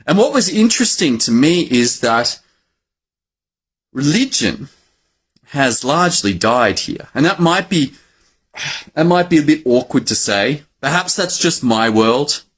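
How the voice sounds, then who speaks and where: A man in his forties with an Australian accent, a doctor giving an animated educational talk to fellow doctors. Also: a little high, a little slow, long pauses, husky. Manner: animated, acts out his own exclamations.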